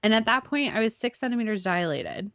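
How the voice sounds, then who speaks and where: A woman's voice: on the high side, fairly quick, dry recording, dull audio. A woman in her thirties hosting a podcast, telling a story casually and acting out the people in it. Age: 30s. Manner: animated storytelling, acts out quoted people. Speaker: podcast host. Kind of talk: casual chat.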